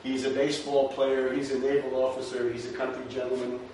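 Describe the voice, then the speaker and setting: A man lectures on history with a completely flat, brisk, darkish medium-pitched voice, yet his style is rhetorical and conversational with frequent "right?" check-ins. The lecture room sounds very echoey, with a distant mic and faint noise.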